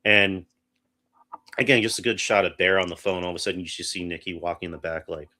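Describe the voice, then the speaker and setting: Low-voiced man reviewing a horror film. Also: flat delivery, fast, sharp tone. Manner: rambling, full of restarts and acted-out quotes. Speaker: podcast co-host. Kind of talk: casual movie review chat.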